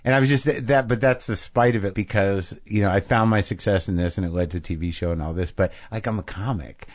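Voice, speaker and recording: A man's voice: lowish voice, fast talker, no room sound. Rambling self-deprecating man hosting a podcast. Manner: rambling, self-deprecating, quotes people in put-on voices. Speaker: podcast host. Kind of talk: casual interview chat.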